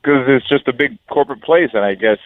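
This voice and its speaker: A man's voice: mid-range voice, quick pace, no room sound, phone-quality sound. A man speaking as a guest fighter on a podcast, telling stories bluntly and profanely and acting out what people said. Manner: blunt, profane storyteller who acts out quotes. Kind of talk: casual podcast chat.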